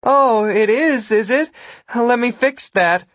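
A man's voice: very high voice, slow pace, a bit bright, no echo, voice pushed up, full character voice. A man doing a sly, mocking sorceress. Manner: mocking, taunting. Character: scheming sorceress woman, sly and sharp.

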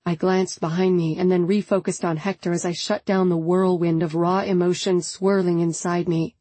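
A woman narrating a first-person audiobook with a subdued, introspective manner. Her voice is dark, mellow and a little husky, and it sits fairly low. It is recorded close on a studio mic with a dry sound. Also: level tone, moderate pace, few pauses, dry recording.

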